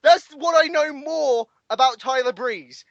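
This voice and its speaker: A man co-hosting a casual podcast chat, telling animated, profane stories about the news. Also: very high-pitched, a little slow, dry recording, dull audio. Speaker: podcast co-host.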